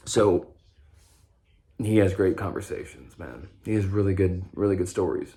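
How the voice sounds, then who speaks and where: A man's voice: deep voice, normal speed, vocal fry, dark tone. A young man talking in a casual, rambling monologue about his own recovery, swearing freely and often breaking off mid-sentence. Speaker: vlogger sharing his recovery story.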